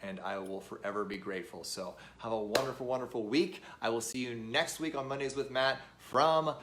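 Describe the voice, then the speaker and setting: A man's voice: medium pitch, brisk, background noise. A man hosting his weekly motivational show, talking to camera in an earnest, rallying way and calling his viewers "guys".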